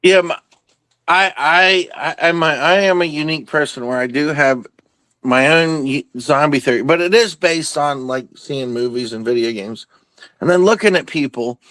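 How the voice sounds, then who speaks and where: A man talking casually in an open Q and A, excitable and rambling, with many restarts and fillers. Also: a little high, moderate pace, no room sound. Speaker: participant in an open Q and A.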